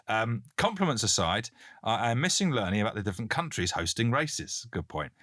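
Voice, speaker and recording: Deep-voiced, bright-toned British man. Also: big pitch swings, a little fast, no echo. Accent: British English. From Britain. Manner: jokey, reads listener messages aloud. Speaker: podcast co-host. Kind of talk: casual podcast chat. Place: Canada.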